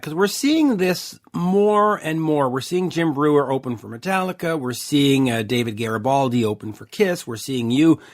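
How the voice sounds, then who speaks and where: Male host, chatty and jokey, a touch higher voice than most. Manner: chatty, jokey, frequent "uh" fillers. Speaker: podcast host. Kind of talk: casual interview chat.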